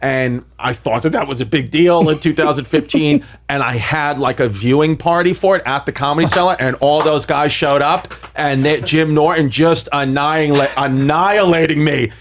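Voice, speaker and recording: A man chatting casually on a podcast, telling stories with shouted impressions. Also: on the high side, normal speed, hardly any pauses. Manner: animated storytelling with loud shouted impressions. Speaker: comedian guest. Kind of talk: casual chat.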